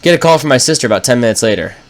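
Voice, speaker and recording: A man's voice: medium pitch, animated, very fast. A young man casually telling funny family stories while playing a game, laid-back, wry and full of swearing. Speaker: storyteller. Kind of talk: casual storytelling over gameplay.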